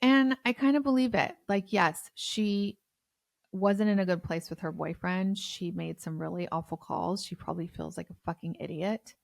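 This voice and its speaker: Podcast co-host: woman, low gravelly voice, blunt and chatty, dry close sound. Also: steady tone, normal speed, no room sound. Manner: blunt and chatty, swears freely. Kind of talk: casual true-crime chat.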